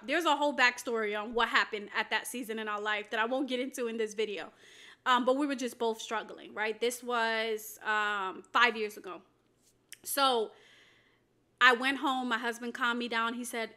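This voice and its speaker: A woman's voice: a little high, fairly even intonation, normal speed, bright, forceful tone. A woman, a faith coach, giving a fervent personal testimony sermon to her camera, with emphatic repetition.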